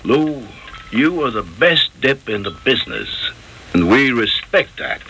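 An actor playing a street tough who talks in fast, streetwise slang. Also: male voice, mid-range voice, big pitch swings, creaky, pushed and bright, slight background noise, exaggerated voice.

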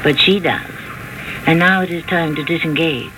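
A man narrating a crime story in a measured, wry storytelling voice. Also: on the high side, music in the background, poor audio. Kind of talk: scripted dramatic narration.

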